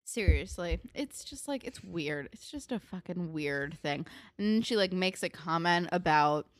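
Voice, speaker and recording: A woman's voice: on the low side, animated, a little slow, dry recording, clean studio sound. A young woman co-hosting a podcast, ranting casually and sarcastically about a TV episode and swearing freely. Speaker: podcast co-host. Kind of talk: casual chat recapping a TV episode.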